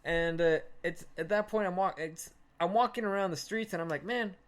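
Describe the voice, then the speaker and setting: High-voiced man telling a story. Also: a little fast. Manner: animated storyteller who swears freely and acts out quotes. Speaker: podcast co-host. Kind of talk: casual storytelling chat.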